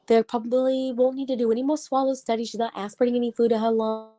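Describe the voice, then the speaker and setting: A woman's voice: on the high side, fast talker, few pauses, darkish tone. Woman, thirties, livestream host, casual chat, heated rant. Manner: chatty, gets heated and ranty. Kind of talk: casual live chat with viewers.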